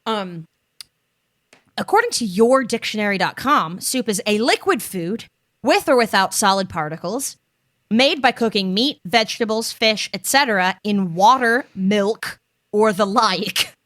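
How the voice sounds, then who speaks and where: A woman co-hosting a podcast in casual chat, playful and quick to laugh, talking from home over a video call. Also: mid-range voice, animated, a bit bright, dry recording, clean studio sound. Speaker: podcast co-host.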